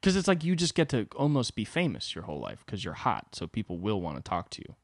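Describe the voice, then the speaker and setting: A man's voice: fairly low pitch, quick pace, no room sound, clean studio sound. A young man hosting a solo podcast, rambling through a self-deprecating comedic monologue and acting out the voices of the people in his stories. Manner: self-deprecating, animated, acts out quoted voices. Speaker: podcast host.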